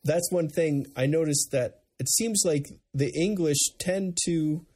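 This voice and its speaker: Podcast co-host from the States, a man with a warm, slightly husky voice who restarts his sentences a lot. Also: on the high side, a little slow. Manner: rambling, many restarts. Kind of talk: casual chat.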